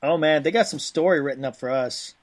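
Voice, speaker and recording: Chatty podcast co-host, slightly high voice. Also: male voice, a little fast. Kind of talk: casual podcast chat and reading aloud.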